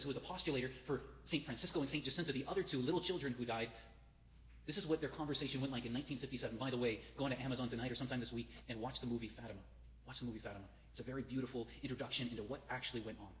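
A man preaching a fervent sermon as a priest, reading quotations aloud to the congregation. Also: mid-range voice. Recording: long hall reverb.

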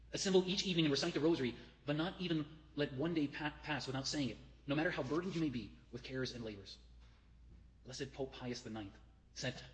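A man preaching a fervent sermon as a priest, reading quotations aloud to the congregation. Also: on the high side. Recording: long hall reverb.

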